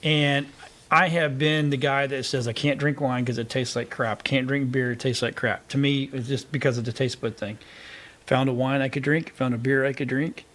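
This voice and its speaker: A man's voice: mid-range voice, level tone, moderate pace, a bit bright. A man hosting a tech talk show, telling a chatty weekend story with a joking edge. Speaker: host. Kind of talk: casual chat.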